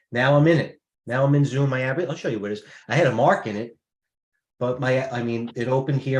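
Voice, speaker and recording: A male trader on a live show talks through his stock positions and keeps restarting his sentences as he thinks aloud. His mid-pitched voice carries a roomy echo. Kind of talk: live trading chat.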